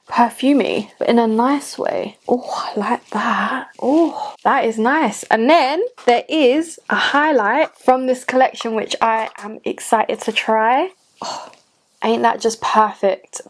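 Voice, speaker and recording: A woman in her late twenties chatting casually through a makeup tutorial, gushing and talking to herself as she goes. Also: fairly high pitch. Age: late 20s. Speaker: beauty vlogger. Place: home room at a cluttered desk.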